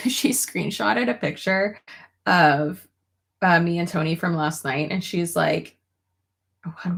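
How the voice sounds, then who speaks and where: A woman's voice: on the low side, fairly bright tone. A young woman chatting casually to her viewers, swearing freely and laughing between stories. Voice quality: gravelly fry. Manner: chatty and profane, giggly asides. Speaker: beauty YouTuber. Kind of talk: casual chat to camera.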